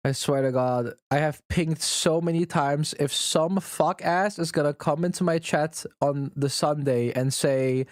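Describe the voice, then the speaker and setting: A man on a live stream vents in a profane, exasperated ramble, breaking into laughs at himself. His voice sits a little high for a man. The sound is dry, with no room echo. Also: measured pace, few pauses. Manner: profane, ranting, exasperated complaining; laughs often at his own rant. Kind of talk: casual livestream chat.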